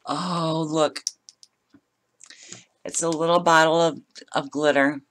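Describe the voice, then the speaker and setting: A woman's voice: low voice, flat delivery, takes it slowly, slight background noise. A middle-aged woman chatting casually as she opens craft mail at home, gushing and laughing often. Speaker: craft vlogger opening mail. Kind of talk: casual unboxing chat.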